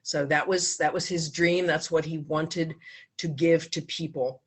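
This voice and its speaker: A woman in her fifties giving a heartfelt speech at a club meeting, telling a personal story with pauses and restarts. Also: low voice, steady tone, slightly rough. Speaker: foundation speaker at a club meeting.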